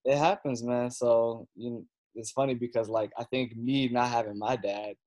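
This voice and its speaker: A young man talks in a relaxed, rambling way, full of slang and fillers. His voice sits at an ordinary pitch. The sound is dry and close, with no room echo. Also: moderate pace. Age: young adult. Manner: laid-back, slangy, rambling with frequent fillers. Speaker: comedian guest. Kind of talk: casual storytelling chat.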